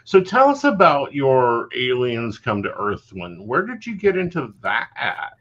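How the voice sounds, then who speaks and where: Husky-voiced male host. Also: medium pitch, big pitch swings, a little slow, a bit bright. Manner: brief affirming replies. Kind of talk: backchanneling. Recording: dull, lo-fi sound.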